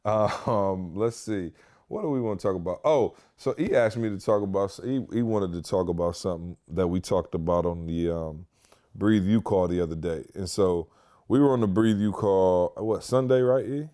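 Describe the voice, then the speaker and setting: A man's voice: deep voice, normal speed, warm tone. A man co-hosting a podcast in casual chat, loose and rambling, often saying "you know.". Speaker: podcast co-host.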